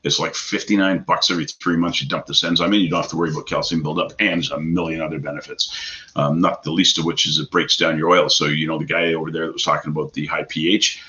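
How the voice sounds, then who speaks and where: A man's voice: rumbling low, little pitch movement, fast, bright, forceful tone, muffled recording. A middle-aged man hosting a casual question-and-answer show, blunt, profane and pushy like a salesman. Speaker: host of a hot tub advice show. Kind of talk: casual live Q&A talk.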